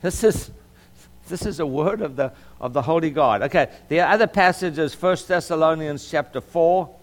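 A middle-aged man from Southern California, a lawyer teaching the Bible in an earnest sermon style, often repeating words and filling pauses with um. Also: fairly high pitch.

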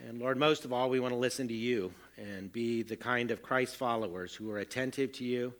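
A man's voice: mid-range voice, fairly quick. A middle-aged man preaching a sermon, earnest and self-deprecating as he tells stories from family life. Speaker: pastor.

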